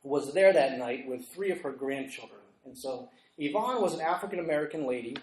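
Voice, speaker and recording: A middle-aged man delivers a sermon as a lively story, acting out the people in it. His voice sits a little high, and it rings around an echoey church room. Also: fairly quick, slight background noise. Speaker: preacher.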